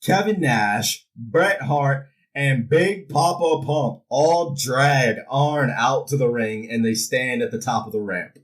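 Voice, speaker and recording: A man's voice: mid-range voice, takes it slowly, hardly any pauses, distant mic, low-quality recording. A man casually recapping a wrestling show, jokingly acting out the wrestlers' lines. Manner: animated, jokey, acts out wrestlers' lines. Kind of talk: casual recap with comic impressions.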